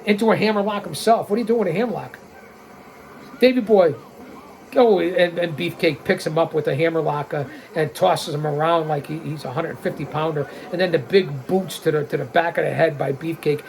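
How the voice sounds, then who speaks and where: A man in his sixties giving excitable, blunt, profane wrestling commentary as a watch-along host, calling out mistakes. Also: on the high side, a little fast, gravelly, a little hiss or hum. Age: 60s.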